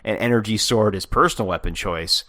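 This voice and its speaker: A man's voice: lowish voice, fairly quick, sharp tone. A man co-hosting a podcast, talking casually with hesitant stops and many fillers. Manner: hesitant, many fillers and restarts, laughs mid-sentence. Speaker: podcast co-host. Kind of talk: casual chat.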